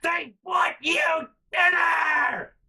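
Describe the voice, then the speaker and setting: A man's voice: rapid-fire, lightly acted. A man doing a shrieking, short-tempered mom. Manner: shrill, exploding into shouts.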